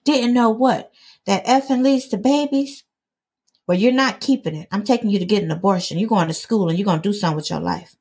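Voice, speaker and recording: A woman's voice: mid-range voice, brisk, a little mellow, husky, pitched above the performer's own voice. A woman reading a memoir aloud, voicing her stern, blunt mother scolding her teenage daughter. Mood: angry.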